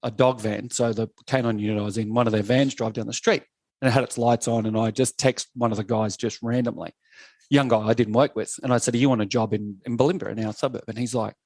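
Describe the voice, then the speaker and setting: A man in his fifties with an Australian accent, a podcast guest telling blunt, animated stories and swearing freely. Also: mid-range voice, fast, no echo. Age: 50s. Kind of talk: casual podcast chat.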